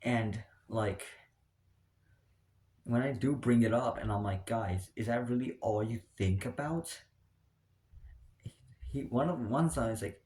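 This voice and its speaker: A man's voice: medium pitch, normal speed, long pauses, darkish tone, slight background noise. A young man ranting casually to camera, rambling with many restarts and fillers. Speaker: vlogger. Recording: roomy echo.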